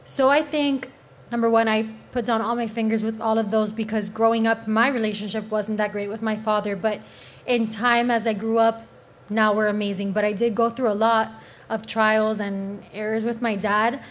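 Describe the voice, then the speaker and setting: A woman's voice: a little high, little pitch movement, moderate pace, slight background noise. A woman with a Cuban accent, a panel guest speaking openly and earnestly in casual talk. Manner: open, candid, earnest.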